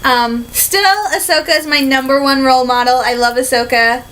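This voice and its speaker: A young woman from Michigan chats in a casual vlog, her voice high and bright. She rambles eagerly, with plenty of "um" and "like", and now and then drifts toward a put-on British accent. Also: moderate pace, rough recording. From Michigan, USA. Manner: excitable, rambling, many fillers and likes, slips into a put-on British accent. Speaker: vlogger.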